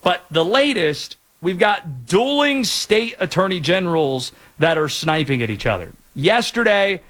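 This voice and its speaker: A man from North Carolina hosting a sports talk show, chatting in a lively, jokey way with asides. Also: high-pitched, unhurried. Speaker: sports radio host.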